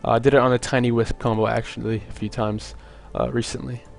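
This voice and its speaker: A man's voice: medium pitch, little pitch movement, fast talker, gravelly, faint music behind. Rambling young male game caster. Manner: rambling, jokey, lots of "like" fillers. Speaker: esports caster. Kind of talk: solo play-by-play commentary.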